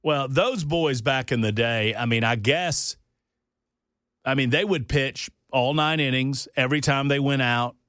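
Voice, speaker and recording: Folksy radio host, drawling. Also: male voice, medium pitch, a little slow, no echo, studio quality. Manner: folksy, jokey, rising to loud disbelief. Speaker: radio talk show host. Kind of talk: casual studio banter. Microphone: studio microphone.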